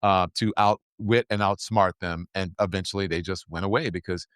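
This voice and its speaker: A man's voice: low voice, fairly even intonation, normal speed, a bit bright, smooth, no room sound, studio quality. A middle-aged man hosting a political talk show, speaking emphatically and repeating his points for stress. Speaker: host.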